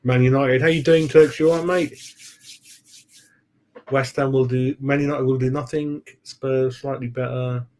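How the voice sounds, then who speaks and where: A man's voice: medium pitch, level tone, normal speed, darkish tone. A man hosting a casual football fan live stream, rambling and chatty, calling viewers "mate" and forgetting names. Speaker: football fan channel host.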